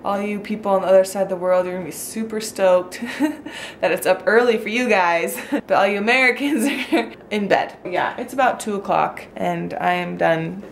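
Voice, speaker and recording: A woman's voice: mid-range voice, moderate pace, creaky, slight background noise. A young woman chatting casually in a home vlog late at night, giggly and talkative. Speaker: vlogger. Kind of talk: casual chat.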